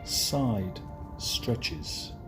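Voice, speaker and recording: Loud music plays behind a lowish-voiced man with lively intonation and a British accent. He's at a track teaching running vocabulary outdoors, a slow lesson with commentary delivered haltingly in clear, simple phrases packed with fillers.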